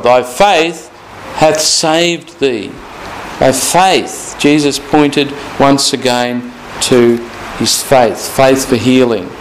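A man preaching a sermon, slowing down and repeating scripture phrases for emphasis. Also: mid-range voice, a little hiss or hum, poor audio. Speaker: pastor.

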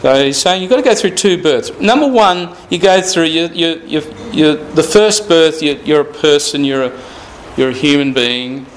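A man's voice: a little high, moderate pace, a little hiss or hum, rough recording. A man teaching through the Bible verse by verse, reading scripture aloud and stressing key words with rhetorical questions. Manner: repeats phrases, asks rhetorical questions.

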